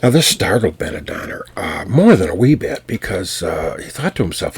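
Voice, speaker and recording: Low, husky-voiced storyteller man. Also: big pitch swings. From United States. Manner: unhurried, folksy, with fillers and restarts. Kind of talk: telling a folk tale.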